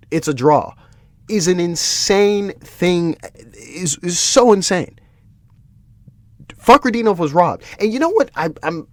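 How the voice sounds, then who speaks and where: A man hosts a solo podcast and rants in exasperation, swearing as he goes. He restarts his sentences often, and his slightly high voice swings up and down a lot. The recording is close and dry. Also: dry recording. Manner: animated, exasperated ranting with frequent restarts and swearing. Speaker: podcast host. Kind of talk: solo MMA podcast commentary.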